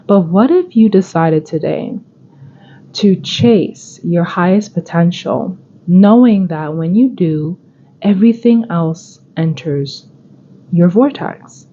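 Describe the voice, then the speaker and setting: A woman's voice: fairly low pitch, mellow, muffled recording, a little hiss or hum. A woman hosting a self-help podcast, talking in an earnest, coaching way and often repeating herself. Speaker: podcast host.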